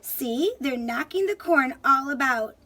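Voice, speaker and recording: A woman's voice: high-pitched, unhurried. A woman voicing a sly old male leprechaun shoemaker who talks sharply, in a storybook read aloud. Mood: scolding. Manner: sharp, scolding.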